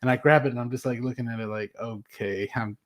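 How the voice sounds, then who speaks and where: A man co-hosting a casual collectors' chat, relaxed and hesitant, full of fillers. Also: medium pitch, very fast. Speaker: co-host.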